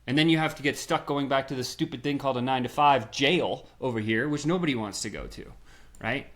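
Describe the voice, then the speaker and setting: A man who is a sales strategist, guesting on a podcast and talking in an energetic, punchy way full of rhetorical questions. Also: medium pitch, brisk. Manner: animated, acts out little scenes in voices. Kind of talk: energetic storytelling.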